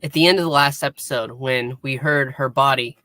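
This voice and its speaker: A man co-hosting a casual podcast, chiming in with quick agreements and dry jokes. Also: medium pitch, bright, forceful tone, a little hiss or hum. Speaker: podcast co-host. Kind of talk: casual recap chat.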